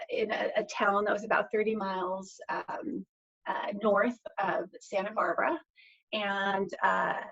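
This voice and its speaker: A woman's voice: medium pitch, a bit bright. An earnest middle-aged woman telling her own story as a podcast guest, reflective and often circling back to restart a phrase. Her voice sits in an ordinary middle range for a woman. The audio is a little dull and lo-fi. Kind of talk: personal storytelling in a podcast interview.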